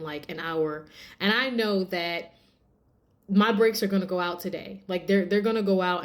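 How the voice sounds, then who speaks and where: A woman, telling a personal testimony in a casual, animated way and acting out quoted lines. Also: mid-range voice. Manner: animated, addresses viewers as y'all, acts out quotes. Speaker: vlogger sharing a testimony.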